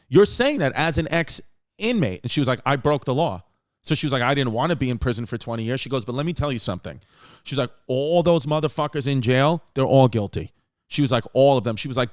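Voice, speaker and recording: A man's voice: mid-range voice, no echo, clean studio sound. A man hosting a comedy podcast, telling rambling stories in casual chat, acting out what friends said and swearing freely. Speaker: podcast host.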